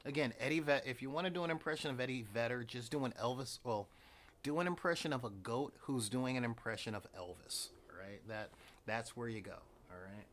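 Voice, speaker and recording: A man's voice: mid-range voice, fairly quick, fairly bright tone. A man in his forties talking casually as host, with wry, dramatic, sighing asides. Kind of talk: casual rambling monologue.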